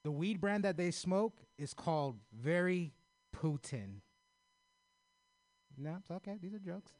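A man's voice: high voice, expressive, measured pace, darkish tone, no echo. An American man doing a loose, rambling stand-up set at an open mic, swearing a lot and brushing off his own jokes. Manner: loose and rambling, self-deprecating, heavy swearing. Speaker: stand-up comedian. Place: small comedy open mic.

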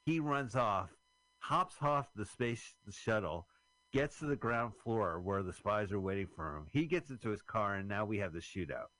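A man's voice: fairly low pitch, lively intonation, normal speed, a bit bright, no echo, poor audio. A man hosting a radio show, giving joking, wry running commentary on a movie with some swearing, in a casual chat style.

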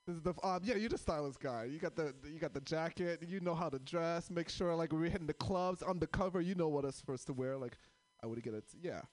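A man's voice: on the high side, fast talker, no room sound. A man doing stand-up comedy with crowd work, rambling and self-deprecating as he stops and starts over his fillers.

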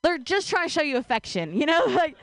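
A woman performing a self-deprecating stand-up set, deadpan, laughing between jokes. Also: high voice, fairly quick, no room sound. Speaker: stand-up comedian.

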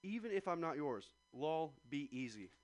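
A man's voice: a little high, big pitch swings, moderate pace, no room sound. A man hosting a talk radio show, reading a letter aloud in a joking manner with swearing.

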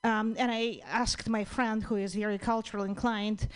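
A woman comedian with a Russian-Ukrainian accent, a native Russian speaker doing a deadpan stand-up set at an open mic, with many pauses and ums. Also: mid-range voice, clear, resonant tone, low-quality recording.

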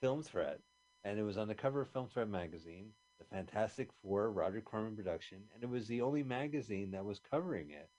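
A man with a fairly low voice talks in a loose, rambling way with his co-host. He strings together film trivia and old memories as they come to him. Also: animated, fairly quick, darkish tone. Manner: rambling, chatty, trivia-minded. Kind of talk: casual movie commentary chat.

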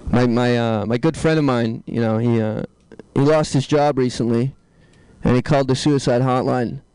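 A man doing a stand-up comedy set, telling dark jokes deadpan and tossing asides to the crowd. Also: mid-range voice, moderate pace, clean tone, dry recording, low-quality recording.

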